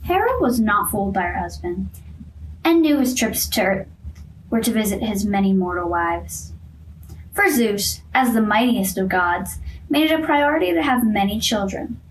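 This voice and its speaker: A woman narrating a myth for a class play, in steady storytelling narration. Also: medium pitch, moderate pace, recorded from a distance, a little hiss or hum, rough recording.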